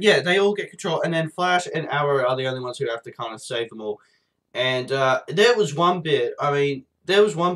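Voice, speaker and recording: A man with a somewhat high voice talks through a TV episode at home, his throat sore and his nose blocked. He rambles, loses his thread, and swears casually between fillers. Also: fairly bright tone. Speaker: TV episode reviewer.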